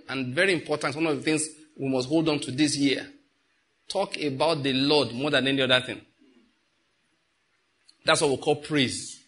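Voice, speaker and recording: A man's voice: mid-range voice, fairly bright tone. A middle-aged man preaching a sermon, talking to his congregation with frequent rhetorical questions. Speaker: pastor.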